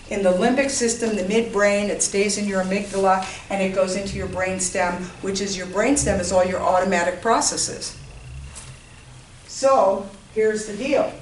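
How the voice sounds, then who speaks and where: A woman giving an informal lecture on health to a class, often checking in with her listeners. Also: mid-range voice. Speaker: health educator. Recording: roomy, distant mic, faint noise.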